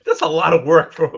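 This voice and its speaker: A man's voice: a little high, creaky, husky. A man co-hosting a podcast in casual chat, teasing the others and laughing often. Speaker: podcast co-host. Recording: dull lo-fi sound.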